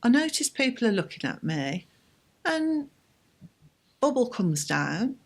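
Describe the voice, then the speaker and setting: A woman, a bereaved mother, telling her story in an interview in a halting, emotional way. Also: a little high, sing-song, husky. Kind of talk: personal account in an interview.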